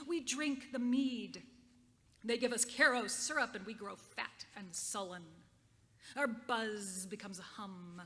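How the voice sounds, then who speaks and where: A woman's voice: medium pitch, pushed and bright. A woman voicing a fervent female bee leader who proclaims and rallies her swarm. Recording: reverberant chapel hall.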